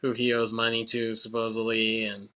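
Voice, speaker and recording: Recapping a film as a podcast co-host, this man has a bright, forward voice that's fairly low in pitch, with a completely flat delivery. The chat is casual; he laughs often, swears freely, and does quick impressions of characters' lines.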